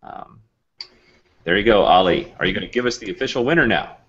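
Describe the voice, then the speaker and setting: Deep voiced guy hosting a video call, rambly and chatty, kinda dull lo-fi sound. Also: lively intonation, fairly quick, fairly bright tone. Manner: rambling, chatty, many fillers. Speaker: host. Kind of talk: casual video call chat.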